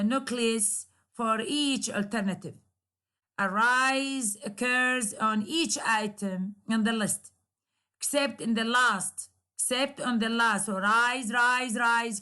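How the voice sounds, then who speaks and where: A woman's voice: a little high, fairly bright tone. A woman lecturer whose first language is Arabic, explaining English intonation in a recorded class, repeating herself and using many fillers while acting out example questions.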